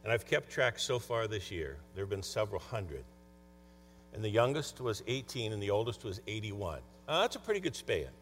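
A man's voice: lowish voice, sing-song, moderate pace, fairly bright tone. A man speaking as a conference speaker and coach, telling stories in a conversational motivational talk. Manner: conversational storytelling. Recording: long hall reverb, faint mains hum.

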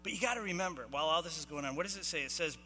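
Bright-voiced pastor preaching in a hall. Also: male voice, on the high side, rapid-fire. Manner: animated, acts out the sailors' shouting; casual slang mixed with scripture reading. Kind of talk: sermon. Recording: long hall reverb, faint music and mains hum.

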